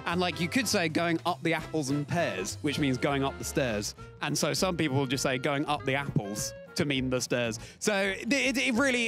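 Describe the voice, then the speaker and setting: A man's voice: on the high side, expressive, moderate pace, a bit bright, soft background music. A man hosting a playful quiz segment, teasing and upbeat, and often repeating lines for effect. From Britain.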